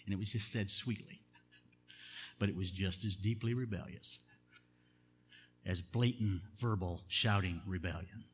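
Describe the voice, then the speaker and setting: An older man preaching a sermon as pastor, chatty and chuckling, moving between loud emphatic bursts and quiet asides. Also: deep voice, measured pace, long pauses, breathy edge, long reverb tail.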